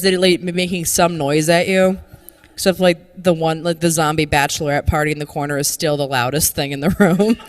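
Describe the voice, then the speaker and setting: A woman's voice: on the low side, big-room sound, slight background noise. A woman doing stand-up on a live stage, joking darkly about death and riffing with the crowd. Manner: dark, morbid humor with playful crowd work. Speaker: stand-up comedian. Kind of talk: stand-up set. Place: live comedy stage before an audience.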